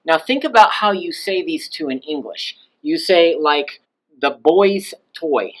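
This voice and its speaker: A male language teacher giving a recorded lecture over slides, explaining patiently and voicing example phrases to show how his pitch rises and falls. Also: animated, normal speed, fairly bright tone, poor audio.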